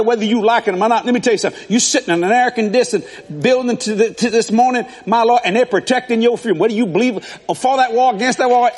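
A man preaching a sermon as pastor, telling stories in an animated way with laughs. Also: very high-pitched, husky. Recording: echoey hall.

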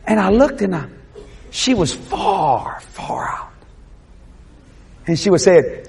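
Cajun male preacher, high gravelly voice, big pitch swings, lively sermon storyteller. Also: moderate pace, pauses often. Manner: animated, shouts quoted voices, laughs often.

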